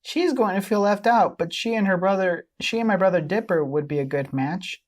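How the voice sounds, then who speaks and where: A woman voicing a bubbly, excitable young girl in a high, eager, sing-song voice while reading fan fiction aloud. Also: a little fast, natural voice. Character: bubbly excitable girl, boy-crazy, upbeat.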